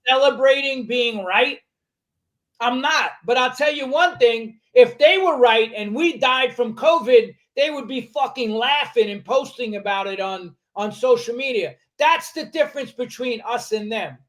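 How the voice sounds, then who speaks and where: An older New York City man with a New York accent and an extremely high, slightly bright voice speaks unhurriedly as a podcast guest. In this casual interview chat he is blunt, profane, and combative.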